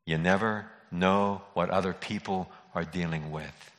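A man's voice: deep voice, normal speed, a bit bright, long reverb tail. A man preaching a sermon in an earnest way, repeating key phrases for emphasis. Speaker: pastor.

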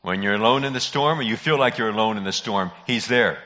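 A man, a pastor, preaching a sermon in an earnest, emphatic way with dramatic pauses. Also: fairly low pitch, pushed and bright. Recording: muffled audio in a reverberant hall.

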